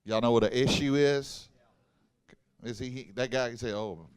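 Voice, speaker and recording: A man preaching a sermon in a church, folksy and animated, mixing humor and asides with the congregation. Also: mid-range voice, normal speed, smooth. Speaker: pastor. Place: church hall.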